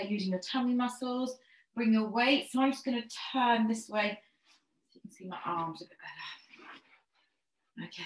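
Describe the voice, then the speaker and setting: Teaching pilates online, this fitness instructor has a fairly high pitch and a fairly bright tone. Her encouraging cues come step by step with rep counts, delivered slightly out of breath in a room with noticeable echo.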